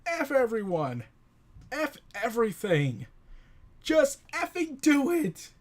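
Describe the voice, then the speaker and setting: Brief: a broken male superhero, as a reviewer puts him on, shrieking high and tearful, voice cracking upward. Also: wildly swooping pitch, slow pace, heavily acted. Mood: despairing. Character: despairing washed-up male superhero begging to die.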